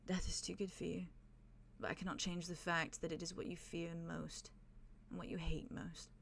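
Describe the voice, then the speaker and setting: A woman voicing a cold, unfeeling man who speaks very softly and flatly in a tabletop game. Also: deep voice, fast talker, vocal fry, a little hiss or hum, voice pushed down. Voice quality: soft, flat, cold.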